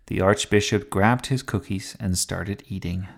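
A man hosting and reading a children's story, in a gentle, expressive way. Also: low-pitched, a little slow, creaky. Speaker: storyteller and podcast host.

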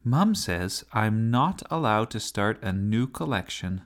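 Bossy little girl full of ideas, a man putting her on, high and bouncy, storybook voice. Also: lively intonation, unhurried. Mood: chatty. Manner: pitch raised for a child voice. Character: young girl, bossy and imaginative. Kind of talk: children's storybook reading.

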